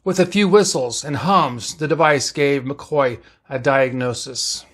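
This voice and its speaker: A man reading a science-fiction story aloud as narrator, in plain, even storytelling. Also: mid-range voice, a little slow.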